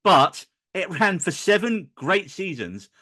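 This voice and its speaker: A man's voice: high voice, very animated, takes it slowly, bright, forceful tone. Jokey man hosting a podcast. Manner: jokey, mock-angry. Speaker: podcast host. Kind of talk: casual podcast chat.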